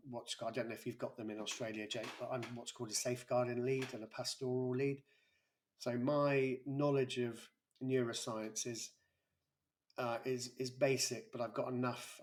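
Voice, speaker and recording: A man in his forties, a guest on an interview, telling a personal story in a halting way with many restarts. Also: mid-range voice. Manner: halting, with frequent restarts and a breaking voice. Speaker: interview guest, YouTuber and school pastoral lead.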